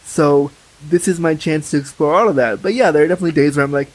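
A man's voice: fairly high pitch, fast, rough recording. A young man talking frankly and chattily as a podcast guest, full of fillers. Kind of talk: candid casual conversation.

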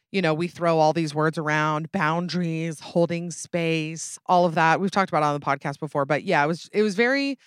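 A young adult woman, hosting a casual solo podcast in a chatty, animated way with frequent asides. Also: lowish voice, no echo, clean studio sound. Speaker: podcast host.

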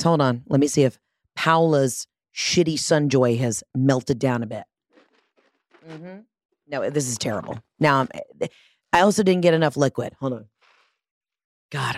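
A woman's voice: low-pitched, a little mellow, no echo. A woman, hosting her own podcast in a brash, profane, rambling comedic monologue, speaking into a studio mic. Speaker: podcast host. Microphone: studio mic with large headphones.

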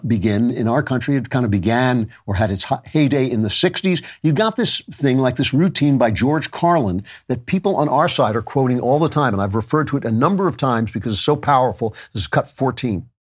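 A man's voice: mid-range voice, husky. A man hosting a podcast, talking through a commentary monologue in a conversational way with wry asides. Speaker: podcast host.

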